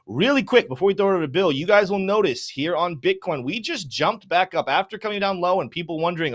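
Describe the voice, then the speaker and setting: An energetic young man hosting a live market show, his voice sitting a touch high. He rattles through viewer names and shout-outs with hype-style enthusiasm, then shifts into quick chart commentary. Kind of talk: live stream, reading chat names and market talk.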